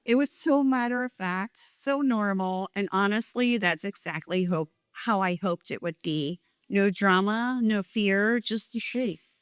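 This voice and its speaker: Woman reading her own story out loud at an event, emotional and warm-hearted, clean voice. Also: medium pitch, unhurried, clear, resonant tone, no room sound, clean studio sound. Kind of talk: personal story read aloud at a live event.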